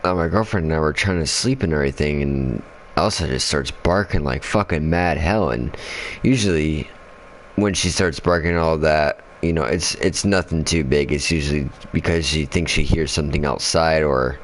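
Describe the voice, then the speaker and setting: A man's voice: extremely low pitch, moderate pace, a little hiss or hum. A man telling a story in casual chat while playing a game, swearing constantly and rambling with fillers. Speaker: gaming channel host.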